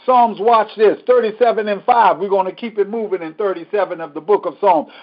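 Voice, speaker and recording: A man's voice: sits high, fairly quick, few pauses, lo-fi sound. A man teaching a Bible study as pastor, preaching emphatically and repeating scripture.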